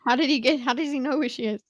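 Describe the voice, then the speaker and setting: Dry, high-voiced woman chatting about a book. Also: no echo. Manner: animated, quick to joke and pick apart plot holes. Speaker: book club co-host. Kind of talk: casual book discussion.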